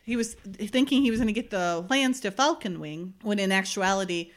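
A woman's voice: medium pitch, expressive, a little fast. A woman co-hosting a casual chat, retelling a TV episode in a chatty, storytelling way with lots of filler words. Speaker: podcast co-host recapping a TV episode.

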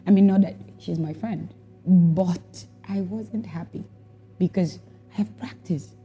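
A woman with a low, breathy voice speaks at a measured pace, giving a personal testimony about serving as a worship leader. The audio is dull with faint music behind her. She's reflective and emotional, repeating herself as she tells it.

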